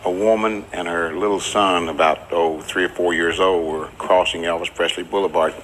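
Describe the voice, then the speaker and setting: An older man with a drawl recalls past events for a documentary interview. His voice is bright and sits a little low, and he slips into the voices of the people he quotes. The telling is plain and unhurried. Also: fairly even intonation, slight background noise, poor audio.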